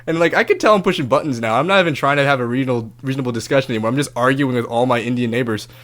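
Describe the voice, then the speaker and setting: A podcast host races through a story on his own show in a medium-pitched voice, keeping the monologue casual and animated. He swears freely and voices other people's lines loudly.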